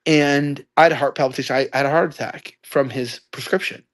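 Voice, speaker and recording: A young man in his twenties telling a story loudly, ranting and acting out quoted lines. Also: mid-range voice, fairly even intonation, brisk. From United States. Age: 20s. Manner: loud, ranting, acts out quotes. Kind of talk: animated storytelling.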